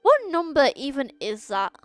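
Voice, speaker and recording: A woman's voice: high-pitched, sing-song, normal speed, no echo. A young woman streaming a game, chatting casually, stumbling over long words and laughing at herself. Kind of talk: casual chat while reading game dialogue aloud. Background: faint game music.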